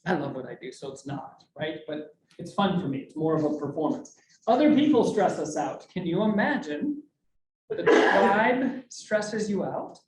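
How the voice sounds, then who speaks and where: A man giving a motivational talk to a business group in a meeting room, jokey and full of questions to the audience. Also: a little high. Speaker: speaker. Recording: roomy, mic from a distance, faint hum.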